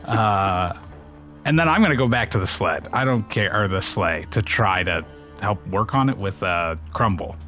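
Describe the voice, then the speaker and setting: A man's voice: lowish voice, expressive, normal speed, bright, forceful tone, soft background music. A man playing a tabletop game, chatting casually with a dry, joking manner. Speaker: player.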